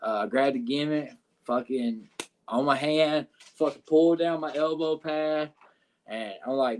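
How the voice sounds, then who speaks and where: A man's voice: fairly high pitch, measured pace, a little mellow, a little hiss or hum. A man, a wrestler guest, telling a story in casual, profane speech with lots of fillers, over a video call.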